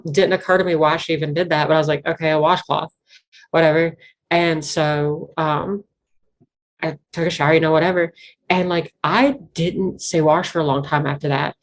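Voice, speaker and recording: A young woman with a Southwest Virginia Appalachian accent, talking earnestly and at length as an interview guest, full of "like" fillers. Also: sits low. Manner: rambling, earnest, heavy use of "like" fillers. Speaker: interview guest, banjo musician. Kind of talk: casual conversational interview.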